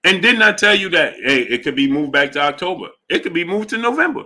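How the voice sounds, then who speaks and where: A man hosting a boxing livestream, talking casually to his chat in an animated, emphatic way, often repeating himself. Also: high-pitched, fast. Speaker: boxing show host.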